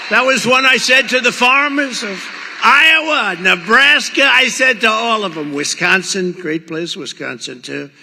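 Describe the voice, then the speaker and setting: A man's voice: high-pitched, unhurried, sharp tone, long reverb tail, a little hiss or hum. An older man giving a rambling, boastful rally speech, acting out quoted exchanges. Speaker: political speaker at a rally. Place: large rally venue.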